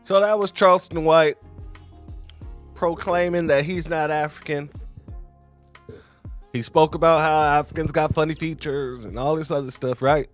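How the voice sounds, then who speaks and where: A man hosting video commentary, speaking in a measured, sarcastic way and calling his audience family. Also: fairly high pitch, fairly even intonation, faint music behind. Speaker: host of a commentary channel.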